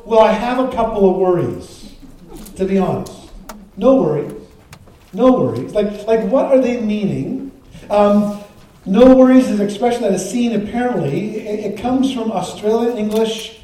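A man's voice: high voice, warm tone, slight background noise. A male pastor praying and then preaching a sermon in a conversational way, with frequent restarts and asides. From Canada. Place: church sanctuary. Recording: very echoey church from a distance.

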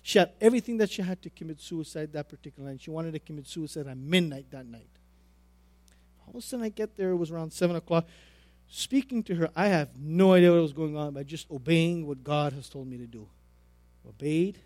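A middle-aged man preaching a sermon, telling a personal story with repeated phrases and big swings between loud and quiet. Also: on the high side, a little fast, dry recording.

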